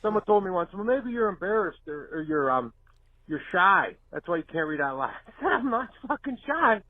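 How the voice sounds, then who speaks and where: A man's voice: high voice, a little fast, no room sound. A man leaving a blunt, profane voicemail for a podcast, chuckling through his story. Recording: tinny phone-line voicemail.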